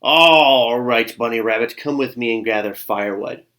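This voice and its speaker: A man voicing a scruffy, nasty-tempered varmint in a storybook, gruff and snapping. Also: medium pitch, moderate pace, pushed and bright, close to an everyday voice. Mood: snappish.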